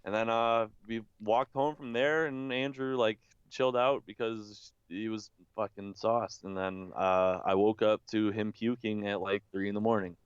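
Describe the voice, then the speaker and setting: A man's voice: on the low side, fairly even intonation, normal speed, hardly any pauses, clean tone, no echo, muffled recording. A young man telling a long rambling story in casual chat, swearing freely and saying "like" over and over. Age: young adult. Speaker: podcast co-host.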